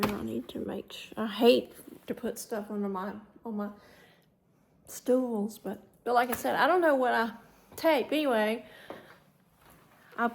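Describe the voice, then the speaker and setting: Against a noisy background, a middle-aged woman with a fairly high, gravelly voice rambles casually through a home vlog in her living room. The chatty vlogger keeps trailing off and starting over.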